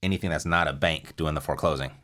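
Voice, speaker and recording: A man's voice: rumbling low, steady tone, sharp tone. A man hosting a podcast who agrees readily with his guest in casual conversation. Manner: agreeable, quick affirmations, laughs along. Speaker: podcast host. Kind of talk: casual interview.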